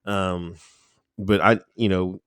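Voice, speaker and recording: A man being interviewed, talking casually about his time in the Air Force, laughing often and acting out quotes with sudden high-pitched voices. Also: steady tone, slow, a bit bright, smooth, dry recording, studio quality. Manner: laid-back, laughs often, acts out quotes with big pitch jumps. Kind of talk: casual conversational storytelling.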